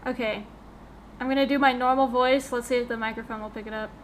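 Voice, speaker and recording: A high-pitched woman co-hosting a laid-back podcast from home. She pushes her voice loudly into a desk microphone, so it comes out animated and close to yelling, with a faint hum of room noise behind her. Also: fast talker. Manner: loud, near-yelling into the mic, animated. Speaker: podcast co-host. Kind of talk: casual chat. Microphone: desk microphone on a call.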